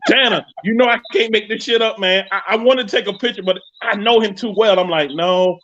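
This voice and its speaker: A man with a New York accent hosting a live podcast, telling a story in a loud, profane, animated way. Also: sits high, fast talker, a little hiss or hum. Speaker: podcast host. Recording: dull lo-fi stream audio.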